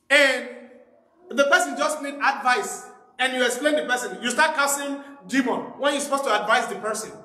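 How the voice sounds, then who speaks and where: A male preacher with an unusually high, bright, ringing voice, preaching a sermon that quizzes the congregation with call-and-response questions. His animated delivery swells into loud outbursts. The sound carries a long echo, as in a large hall. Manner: animated, often bursts out loud. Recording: echoey hall with long reverb.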